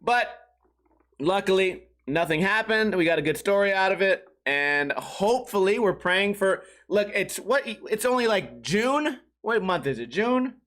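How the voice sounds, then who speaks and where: A man's voice: animated, a little slow, fairly bright tone. A man hosting a podcast, telling crude comic stories in a rambling way, laughing at his own jokes and acting out the people he quotes. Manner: acts out quoted voices with sudden pitch jumps. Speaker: podcast host. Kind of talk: solo comedic storytelling.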